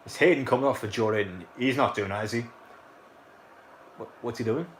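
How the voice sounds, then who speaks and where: A man's voice: medium pitch, brisk, a little hiss or hum. A young man, casually commentating a football match live and chatting to viewers in a rambling way. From North East England. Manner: rambling, filler-heavy, reacts to chat.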